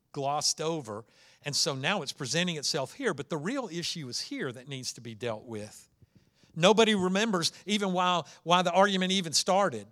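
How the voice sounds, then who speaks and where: A man delivering a sermon as a pastor. He talks to the congregation in a conversational way, repeating words as he goes, and his voice sits a little high for a man. At key points he lifts it for emphasis. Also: a bit bright. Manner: conversational preaching, with restarts and rising emphasis.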